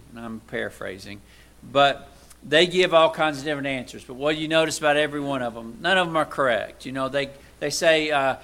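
A man preaching a sermon in a conversational way. He asks his listeners rhetorical questions and swings between loud emphatic lines and quiet low asides. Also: a little fast.

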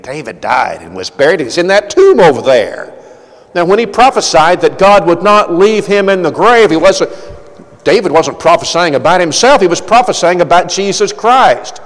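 A male preacher with a slightly high voice delivers an earnest sermon. He often repeats words, and his delivery swings between loud, emphatic passages and quiet asides. A long reverb trails after every phrase.

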